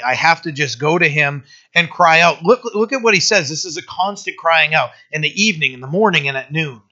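Gravelly, bright-voiced male pastor. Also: fairly high pitch. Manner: conversational, many fillers, reads verses slowly. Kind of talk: casual verse-by-verse sermon. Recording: dull lo-fi sound.

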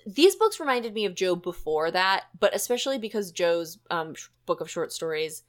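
A woman hosting a podcast in casual chat, animated and chatty with plenty of fillers. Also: on the low side, normal speed. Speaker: podcast host.

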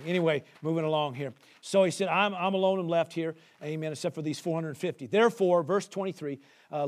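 A man's voice: high-pitched, darkish tone. A man preaching a sermon, reading scripture with chatty asides and calls for the congregation to respond. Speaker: pastor.

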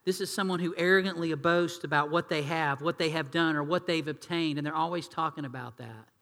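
A man preaching a sermon, animated and acting out quoted voices in hushed tones. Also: a little high, a little fast, long reverb tail. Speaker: pastor.

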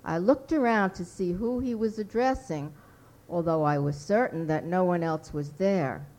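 A woman reading her own fiction aloud at a writers' workshop, measured and deliberate. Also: fairly low pitch, darkish tone, rough recording.

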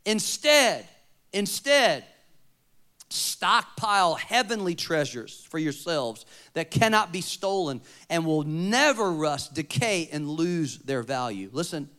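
A man preaching a sermon, moving between loud emphatic points and quiet storytelling. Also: a little high, expressive, slow. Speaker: pastor.

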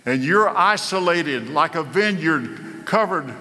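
A man preaching a sermon, slow and dramatic, building to emphatic peaks. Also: fairly high pitch, animated, bright, forceful tone. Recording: echoey hall.

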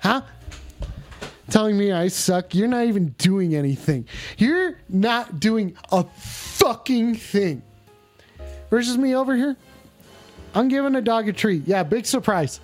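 Dude on a livestream cussing out his chat, all exasperated and rambly, slows down then rushes, faint music in the back. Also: high-pitched, lively intonation, a little mellow. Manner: profane, exasperated, scolding viewers; drawn-out emphatic lines mixed with quick asides. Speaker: livestream host taking call-ins.

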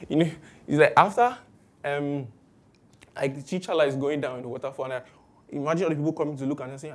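Animated woman preaching, warm tone. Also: low-pitched, fairly quick. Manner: animated, acts out quoted voices with exclamations. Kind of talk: sermon.

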